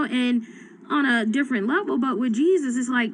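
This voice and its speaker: Casting note: animated woman in her thirties, conversational Bible study, faint background hiss. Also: fairly high pitch, moderate pace, rough recording. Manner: animated, acts out voices in retelling. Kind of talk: casual Bible study chat.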